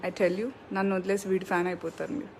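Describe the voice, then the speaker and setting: A woman's voice: on the low side, flat delivery, rapid-fire, noisy background. A woman vlogging with her pet birds, cooing in sing-song baby talk and mixing English with Telugu.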